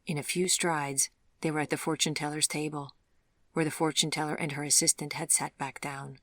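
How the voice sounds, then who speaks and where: A woman narrating a fairy-tale audiobook in a measured, even storytelling manner. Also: low-pitched, no echo. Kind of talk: scripted narration.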